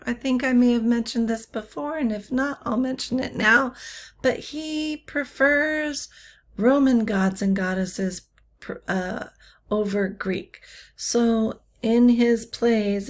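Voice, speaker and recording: Her voice is a little high as she teaches literature in an improvised lecture. She hesitates repeatedly with ums and uhs and adds sly, throwaway asides.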